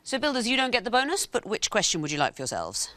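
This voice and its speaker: A woman's voice: on the high side, huge pitch swings, quick pace, fairly bright tone, dry recording. A woman hosting a television quiz, explaining answers in a dry, explanatory way. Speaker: quiz show host.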